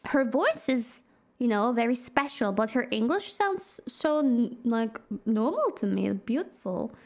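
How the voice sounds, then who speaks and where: A woman streamer, a native German speaker, chatting casually while she plays a game, excitable, swearing and laughing. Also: fairly high pitch, unhurried. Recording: faint music behind.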